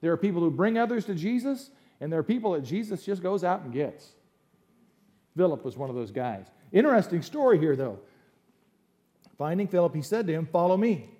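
A man preaching a sermon, conversational and animated, with opinionated asides while reading scripture aloud. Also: a little high, a little fast. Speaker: pastor.

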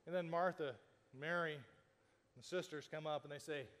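A male pastor in the middle of a sermon, telling the story in a relaxed, conversational way and slipping into the voices of the people he quotes. His voice sits a bit high for a man, and it rings out with the long reverb of a large church hall. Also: moderate pace. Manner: conversational storytelling, acting out quoted lines, with frequent restarts.

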